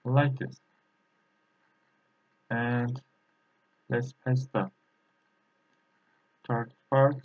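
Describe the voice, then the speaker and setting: Slow, tinny-sounding Turkish-accented male teacher. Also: mid-range voice, level tone. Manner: halting, with frequent filler pauses and repeated drill syllables. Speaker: language teacher. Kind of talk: explaining a lesson.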